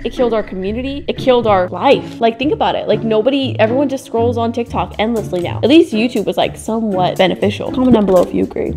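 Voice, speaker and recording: A young woman vlogging casually about old tablets, excitable and joking with quick asides. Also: fairly high pitch. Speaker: tech vlogger. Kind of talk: casual chat.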